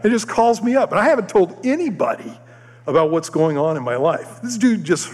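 A man giving a sermon, telling a personal story in an animated way and acting out the voices of the other people in it. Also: high voice, brisk, slightly rough. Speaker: preacher. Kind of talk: sermon testimony. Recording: long hall reverb.

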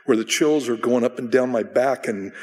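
Conversational pastor in a reverberant hall. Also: male voice, medium pitch, moderate pace. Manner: conversational, self-deprecating, with bursts of acted shouting. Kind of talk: sermon. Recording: long reverb of a large hall.

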